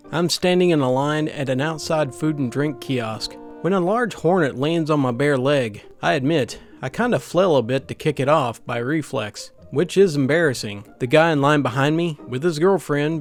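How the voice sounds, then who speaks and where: Man narrator, fairly high voice, steady story reading, soft music bed. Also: moderate pace. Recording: faint background music.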